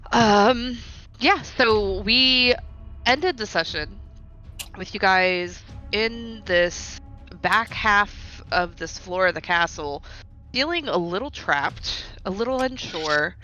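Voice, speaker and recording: A woman running a tabletop game as dungeon master, chatting and recapping with quick self-deprecating asides. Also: mid-range voice, lively intonation, sharp tone. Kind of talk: casual game-master chat and narration. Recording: dull lo-fi audio with faint music.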